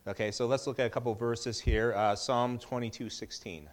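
A man's voice: medium pitch, fairly even intonation, normal speed. A middle-aged man giving a casual Bible teaching in a conversational way, with joking asides and frequent restarts.

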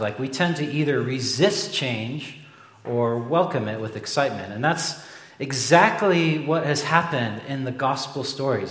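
Man preaching in an echoey hall. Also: medium pitch. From Oregon. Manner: animated storytelling with a jokey aside. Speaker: pastor. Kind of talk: sermon. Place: church sanctuary.

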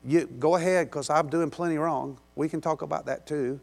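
A man's voice: on the high side, steady tone, normal speed, gravelly, a little mellow. A male pastor giving a conversational, self-deprecating sermon in a church, often restarting his sentences.

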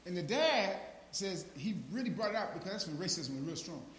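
A man preaches an informal sermon in a high, bright voice, calling out listeners by name and pushing each point with repeated "now watch this." His delivery climbs to shouted peaks. The sound carries a roomy echo. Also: sing-song, brisk, slight background noise.

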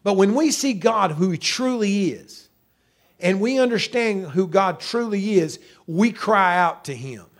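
US male pastor, high-pitched, folksy sermon delivery, repeats himself and says hallelujah often. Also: expressive, unhurried. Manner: folksy, repetitive, with frequent hallelujahs and amens.

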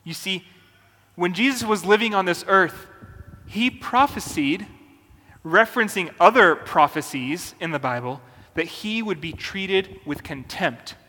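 A man preaching a sermon as a pastor, earnest and deliberate, with emphatic pauses. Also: high voice, expressive, bright, forceful tone, in a large hall.

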